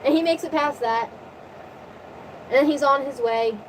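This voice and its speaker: A woman retelling a story in a casual, profane, animated rant, her voice tiring from long talking. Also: high-pitched, a little hiss or hum, poor audio. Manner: animated, profane, rapid recap. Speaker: vlogger.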